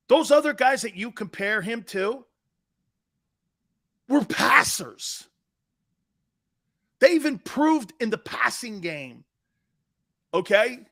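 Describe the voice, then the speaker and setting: A middle-aged man hosting a live sports talk show, brash and blunt, swearing freely and jumping between loud bursts and low asides. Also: gravelly.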